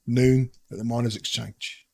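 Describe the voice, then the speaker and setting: A man's voice: medium pitch, little pitch movement, normal speed, vocal fry, slightly rough. A man putting on a hearty Cockney patron. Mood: businesslike. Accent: put-on Cockney.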